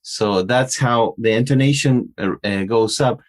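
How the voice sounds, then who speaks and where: A man with an Argentine Spanish accent, Spanish his first language, co-hosting a podcast in casual chat and talking haltingly with many fillers and restarts. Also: mid-range voice. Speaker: podcast co-host.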